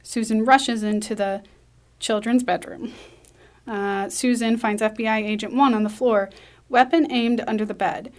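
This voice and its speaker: A woman reading a screenplay aloud, brisk, with small slips and restarts. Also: a little high, steady tone. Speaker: script reader.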